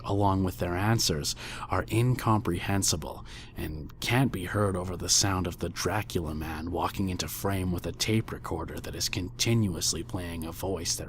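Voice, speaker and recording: A man reading a scripted creepypasta horror story in a hushed voice that often drops to a near whisper. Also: low voice, a little hiss or hum. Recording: faint music bed under voice.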